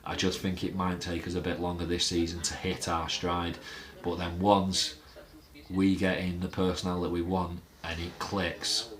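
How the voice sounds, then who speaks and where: A deep-voiced man talks loosely to his viewers in a casual vlog. He rambles and restarts his sentences, filling the gaps with ums and uhs. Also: flat delivery, moderate pace, fairly bright tone. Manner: rambling, chatty, with many fillers and restarts. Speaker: fan channel host. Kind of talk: casual fan vlog chat.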